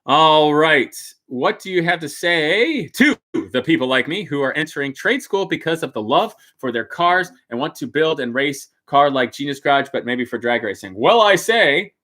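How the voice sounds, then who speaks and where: A man with a bright, forceful voice, pitched a little high, hosts a casual live stream and answers viewer questions. He talks bluntly and jokes a lot, laughs often, and drops from loud bursts into muttered asides. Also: expressive, normal speed, few pauses.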